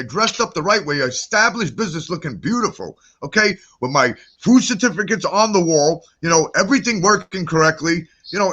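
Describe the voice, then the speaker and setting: Brief: male guest, bright, cutting voice, swearing heavily while telling a heated story. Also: high-pitched. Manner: profane, heated, animated ranting. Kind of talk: casual talk-show storytelling.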